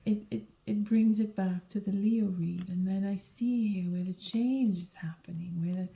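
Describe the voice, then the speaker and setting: Sleepy woman in a gravelly whispered tarot reading. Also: mid-range voice, fairly even intonation, rough recording. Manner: soft, halting, breathy whispering with restarts. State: sleepy, yawning late at night. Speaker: tarot reader.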